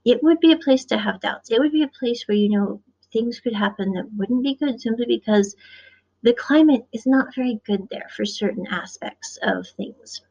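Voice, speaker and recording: A woman's voice: a little high, moderate pace, a little mellow. A woman from the US Midwest, rambling chattily through a casual recap of a show's episode. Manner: rambling, chatty, acts out quotes. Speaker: show reviewer. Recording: dull lo-fi recording.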